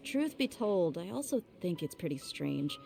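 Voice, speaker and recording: A woman's voice: lowish voice, sing-song, normal speed, vocal fry, a little mellow, faint music behind. An actress voicing a confident young swordswoman and mercenary in a video game, who speaks bluntly. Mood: steady. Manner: blunt and self-assured. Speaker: professional fighter.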